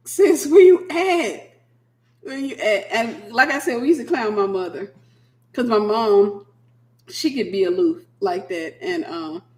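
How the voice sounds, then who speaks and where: A woman minister hosting a casual late-night livestream, a sleepy, animated storyteller. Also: medium pitch, roomy sound. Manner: animated storyteller who acts out quoted voices.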